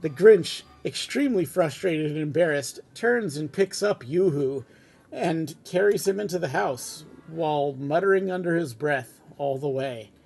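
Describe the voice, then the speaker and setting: A man reading a fan script aloud at home, in a relaxed, chatty way with casual asides. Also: fairly high pitch, unhurried, vocal fry. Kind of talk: casual read-aloud narration.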